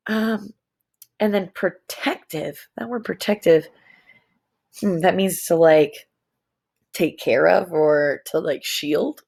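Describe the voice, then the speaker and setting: A young adult woman teaching a lesson to young students, playful and animated, stretching words out. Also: lowish voice, takes it slowly, vocal fry, pauses often, husky.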